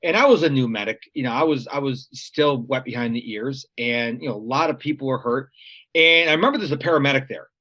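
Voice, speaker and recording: A man's voice: medium pitch, brisk, sharp tone. A man being interviewed, sharing practical stories and advice in an earnest, conversational way. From United States. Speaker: guest.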